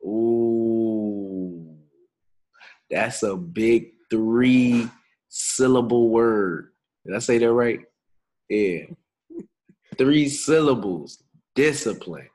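Husky low-voiced young man chatting laid-back. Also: drawn-out words, pauses often, darkish tone, low-quality recording. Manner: laid-back, slangy and chuckling. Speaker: podcast co-host. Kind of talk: casual podcast chat.

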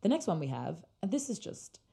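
A young woman with a low, mellow voice chats casually on a podcast. She gushes like a fan and leans on lots of fillers. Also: sing-song, brisk, gravelly. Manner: chatty, gushing fan talk with many fillers. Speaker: podcast co-host. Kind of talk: casual chat.

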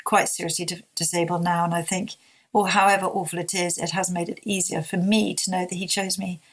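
A woman in her fifties, a guest speaking candidly and heartfelt in an interview, often halting and restarting. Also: fairly low pitch, little pitch movement.

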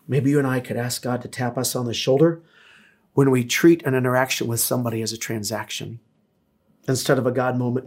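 A middle-aged man, a pastor, preaching a sermon in an earnest, conversational way, with frequent hesitations. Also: medium pitch. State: tearful, emotional.

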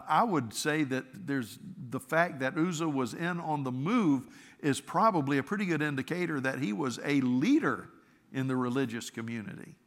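A bright, forceful male pastor preaching in an earnest, conversational way, with a slightly higher voice than most men. He often stammers and restarts his phrases. His voice rings out with a long hall reverb. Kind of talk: sermon.

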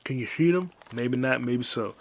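A man hosting a podcast alone, telling crude, rambling stories and bursting into loud high yelps and sound effects. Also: moderate pace. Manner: profane, rambling storytelling. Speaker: podcast host. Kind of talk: casual solo podcast monologue.

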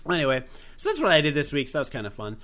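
A man's voice: fairly high pitch, huge pitch swings, rapid-fire, fairly bright tone. A young American man co-hosting a casual podcast, rambling with self-deprecating asides and many restarts. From United States. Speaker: podcast co-host. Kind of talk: casual chat.

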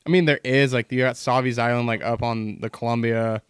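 A man's voice: medium pitch, fairly quick, clean tone, no room sound, studio quality. Profane, rambling man telling hunting stories. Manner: swears constantly, rambling animated anecdotes. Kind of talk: casual podcast storytelling.

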